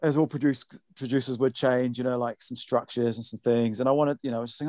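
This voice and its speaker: A man's voice: medium pitch, fairly even intonation, brisk, warm tone, no echo, clean studio sound. A man, a music producer, talking in a rambling casual podcast chat full of fillers.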